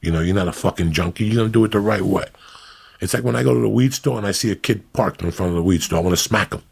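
A middle-aged man from New Jersey hosting a podcast, telling stories in a profane, animated, ranting way. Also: fairly low pitch, racing, gravelly, breathy edge. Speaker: podcast host. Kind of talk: casual podcast banter.

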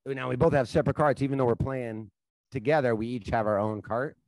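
Profane animated man telling stories. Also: mid-range voice, fairly quick, dry recording. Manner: profane, animated storyteller, laughs at his own stories. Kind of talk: casual storytelling chat.

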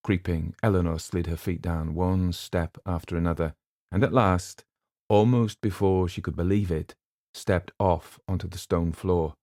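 A man narrating a novel in a steady, measured storytelling voice. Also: low voice, dry recording, clean studio sound. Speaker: audiobook narrator. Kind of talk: scripted narration.

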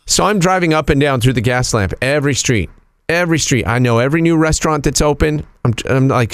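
A man hosting a radio show, telling a story in a casual, animated, teasing way. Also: a little high, a little fast, no room sound.

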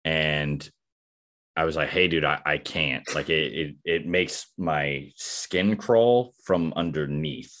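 A man's voice: very deep voice, takes it slowly, a bit bright. A man chatting casually and telling rambling, laid-back stories with plenty of slang. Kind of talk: casual chat.

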